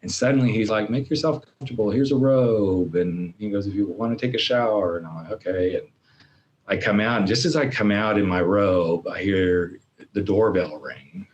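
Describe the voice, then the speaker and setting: With a low-pitched voice at a moderate pace, this middle-aged podcast guest tells his story animatedly, acting out what went on in his head. The highs in the recording are cut off.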